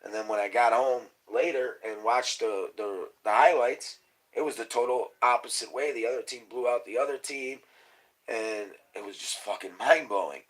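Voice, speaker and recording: A man rambling on a casual livestream, swearing freely and drifting into conspiracy talk and quiet mumbled asides. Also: medium pitch, normal speed, low-quality recording. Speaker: livestream host.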